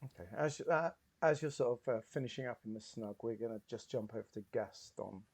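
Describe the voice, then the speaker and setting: A man's voice: medium pitch, fairly quick, a little mellow, husky. A man narrating a tabletop game as game master, casual and full of filler words.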